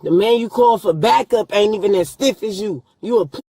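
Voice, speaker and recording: Cursing and hurling threats at officers, a woman held by police speaks briskly in a mellow, mid-range voice during a heated run-in at a police stop and hospital room. The sound is echoey with long reverb and a faint background hiss.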